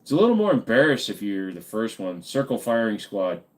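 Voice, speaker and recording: A man's voice: fairly low pitch, big pitch swings, brisk. A tired man hosting a casual live stream, rambling and joking crudely with viewers, saying he feels dizzy. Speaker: livestream host.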